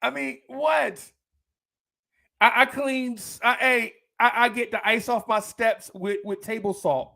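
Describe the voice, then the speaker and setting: A man's voice: extremely high pitch, steady tone, normal speed, hardly any pauses, pushed and bright. A man from Jersey City with a New Jersey accent, hosting a casual podcast, slangy and playful, laughing often and repeating himself. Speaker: podcast host reading listener comments. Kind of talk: casual live podcast chat.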